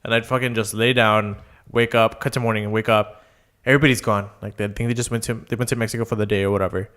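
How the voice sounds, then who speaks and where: A young man co-hosting a podcast tells rambling stories in a casual chat, loaded with fillers and voices he quotes. His voice is fairly low and fairly bright, with a steady tone and a fast delivery.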